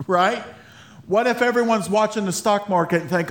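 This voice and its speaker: A man's voice: sits high, moderate pace. A man preaching a sermon in a loose, conversational way, breaking into laughter and restarting his sentences. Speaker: pastor.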